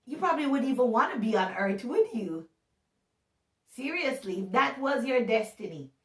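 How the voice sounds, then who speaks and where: A woman giving a casual, animated Bible talk, chatty and joking at her own expense. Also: on the high side, normal speed. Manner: chatty and animated, laughs at herself. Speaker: Bible teacher. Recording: roomy sound from a distance.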